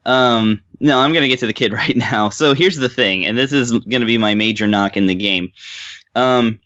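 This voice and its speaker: A man co-hosting a casual podcast, rambling through a game review with plenty of fillers and small laughs. His voice sits at a middling pitch. The sound is dry and a little dull, like a modest home setup. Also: normal speed, fairly bright tone, no room sound. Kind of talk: casual chat.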